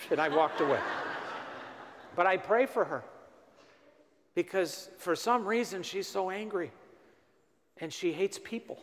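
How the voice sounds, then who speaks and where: A priest preaches a parish mission, his voice sitting on the higher side. He tells his stories with animation and acts out both sides of each conversation. A long church reverb trails after every phrase. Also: normal speed, pauses often. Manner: animated, acts out dialogue with rising emphasis. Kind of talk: storytelling sermon. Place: large church.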